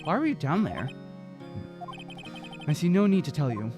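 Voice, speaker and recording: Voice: medium pitch, very animated, moderate pace, over music, lightly acted. A streamer voicing a proud, jailed male prosecutor in a game, curt and disdainful. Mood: guarded. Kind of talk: voice acting while playing a game.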